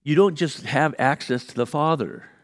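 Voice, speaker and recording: A man's voice: on the high side, normal speed. A man from California preaching a sermon as a pastor, telling a story with lots of fillers and restarts and acting out the people in it. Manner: animated storyteller, acts out quotes, many fillers and restarts.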